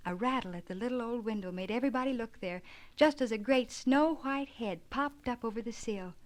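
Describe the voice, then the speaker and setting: A woman reading an abridged children's classic aloud, gently expressive, giving the children's lines a light lift. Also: mid-range voice. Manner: gentle, expressive narration with lively dialogue. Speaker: audiobook reader. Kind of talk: storybook reading with light character voices.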